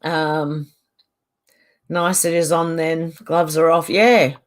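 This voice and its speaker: A woman hosts a casual live chat, reading out viewer comments and quickly agreeing or answering back. Her voice sits a little low for a woman, and she talks in a loose, easygoing way at home. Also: fairly even intonation. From Australia.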